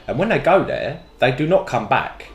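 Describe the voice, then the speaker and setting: Podcast co-host, man, animated sweary storyteller, roomy sound with faint background noise. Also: medium pitch, normal speed. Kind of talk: casual chat.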